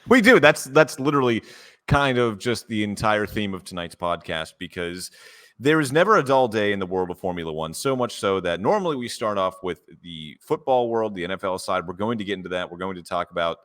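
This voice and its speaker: A young man hosting a casual sports podcast, smooth and animated, speaking close to the mic. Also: fairly low pitch, brisk. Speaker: podcast host.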